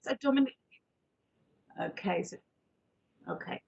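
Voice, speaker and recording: A woman's voice: sits high, expressive, unhurried, gravelly, a little mellow. A woman co-hosting a live psychic stream, chatty, giggly and teasing in casual talk. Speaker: co-host, psychic medium. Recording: dull lo-fi stream audio.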